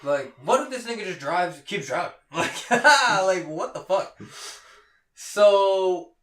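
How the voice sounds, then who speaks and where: A man's voice: high voice, expressive, slow, a bit bright, distant mic. A young man co-hosting a podcast, telling a story in casual chat, swearing a lot and laughing often. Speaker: podcast co-host. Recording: roomy, off-mic echo.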